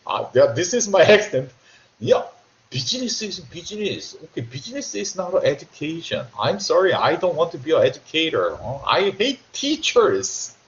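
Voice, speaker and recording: A native Korean speaker with a Korean accent delivers a remote university lecture in a high-pitched voice, animated and joking, often repeating himself. The audio has its highs cut off and a slight background noise.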